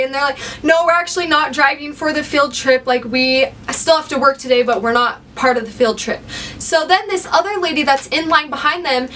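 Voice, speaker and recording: A young woman vlogger casually telling a work story, animated and acting out what people said. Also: high voice. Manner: animated storyteller, acts out quotes. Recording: slightly distant mic, faint background noise.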